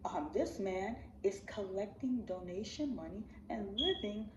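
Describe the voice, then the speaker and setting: A woman's voice: medium pitch, animated, a little slow, a little hiss or hum. A woman vlogger speaking with raw, repetitive intensity, calling her viewers family and pleading with them. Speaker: channel host. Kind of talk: emotional direct-to-camera vlog. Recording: roomy, distant, slightly dull sound.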